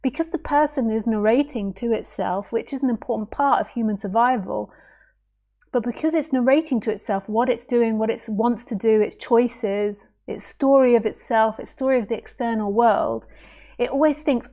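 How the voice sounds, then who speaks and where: Playful woman musing on non-duality. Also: on the high side. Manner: playful, animated, acts out little voices and sound effects; musing, asks rhetorical questions. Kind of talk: spontaneous spiritual talk.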